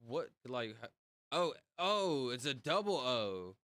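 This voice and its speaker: A man's voice: mid-range voice, big pitch swings, slow pace, fairly bright tone, no echo. A young man chatting casually on a livestream, reading out comments and reacting in slang. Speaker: streamer.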